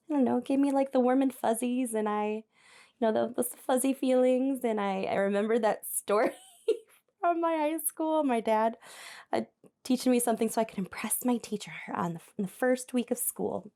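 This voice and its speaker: A woman's voice: on the high side, dark tone. Chatty young woman telling stories. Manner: rambling storytelling, frequent laughs, chatty asides to viewers. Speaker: host of a crafting channel. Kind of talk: casual chat while hand embroidering. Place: home craft space.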